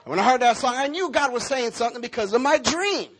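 A man preaching a sermon, speaking prophetic words over a congregation member and telling lively stories. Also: very high voice, fast, breathy edge. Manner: animated storytelling with prophetic declarations. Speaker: pastor.

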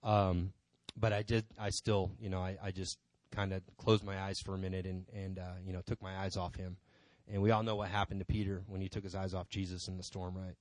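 A man's voice: deep voice, flat delivery, brisk, a little mellow, no room sound. A man giving an informal testimony in a church, talking conversationally and rambling with many asides. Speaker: church member speaking from the pulpit. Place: church sanctuary.

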